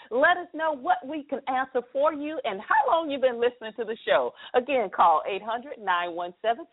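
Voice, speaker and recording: A middle-aged woman hosting a live internet radio talk show in an upbeat, chatty way, explaining things step by step over a phone line. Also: high-pitched.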